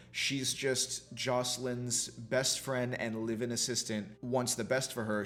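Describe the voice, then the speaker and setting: A man, a film student, reviewing a TV show in a casual, profane rant full of fillers. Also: medium pitch. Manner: profane, ranting, many fillers like "you know".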